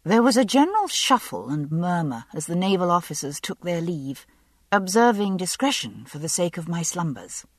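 A woman narrating a first-person novel in an expressive, wry way. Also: lowish voice, normal speed, dry recording. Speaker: audiobook narrator.

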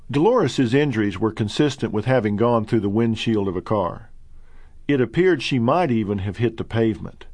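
Male narrator, middle-aged, earnest and measured, bone-dry booth sound. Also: medium pitch, no room sound. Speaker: narrator reading his own book. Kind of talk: audiobook narration.

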